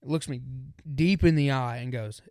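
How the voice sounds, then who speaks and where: This young podcast co-host has a clear, resonant mid-range voice at normal speed. Chatting casually, he tells an animated story and acts out the voices of its people, in a dry, studio-quality recording.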